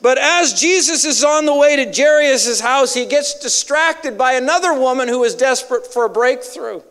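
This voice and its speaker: A man's voice: extremely high pitch, moderate pace, fairly bright tone, clear, resonant tone. A male evangelist preaching a sermon with emphatic, dramatic storytelling.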